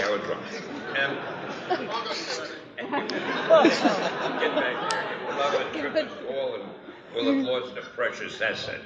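A man's voice: medium pitch, huge pitch swings, slow, pauses often. Older man joking on a stage. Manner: playful, self-mocking. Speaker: panel guest. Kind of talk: joking panel talk. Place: large convention hall with audience. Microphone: stage mic at a distance. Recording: echoey hall from far off, dull sound, loud crowd.

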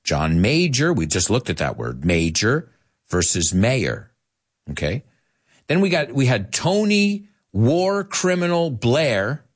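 An American man teaching English in a live online lesson, chatty and animated, dropping in Spanish asides. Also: medium pitch, takes it slowly, breathy edge.

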